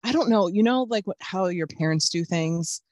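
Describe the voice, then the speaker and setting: A woman co-hosting a podcast in casual chat, candid and quick to swear and laugh. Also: lowish voice, expressive, a little mellow, dry recording, studio quality. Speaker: podcast co-host.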